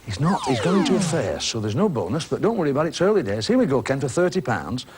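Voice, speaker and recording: A man's voice: mid-range voice, very animated, fast talker. A man hosting a TV game show, teasing contestants with chummy banter in a studio before an audience. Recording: 1980s broadcast with studio audience and hiss.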